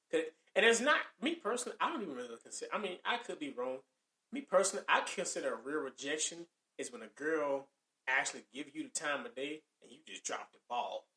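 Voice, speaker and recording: A man co-hosting a podcast in casual chat, animated and acting out quoted lines. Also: fairly high pitch, roomy sound. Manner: animated, acts out quoted lines, laughs often. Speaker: podcast co-host.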